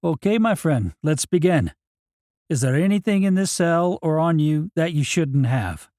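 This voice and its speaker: A man voicing a crude, joking male prison officer with a deep Indian accent and a casual, irreverent way of talking. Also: animated, a little slow, a little mellow, dry recording, studio quality.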